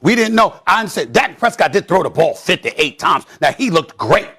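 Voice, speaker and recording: Man, sports talk host, theatrical, loud, husky. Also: high-pitched, big pitch swings, moderate pace. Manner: loud, theatrical, often shouting and laughing. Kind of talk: sports debate commentary.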